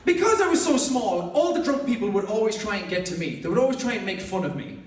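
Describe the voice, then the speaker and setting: High, animated Irish man on stage. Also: fast, slight background noise. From Ireland. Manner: energetic, loud, jokey, often laughing mid-sentence. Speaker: comedian host of a live stage show. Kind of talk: stand-up storytelling to a live audience. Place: large concert hall with a live audience. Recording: echoey hall recording from far off, loud crowd.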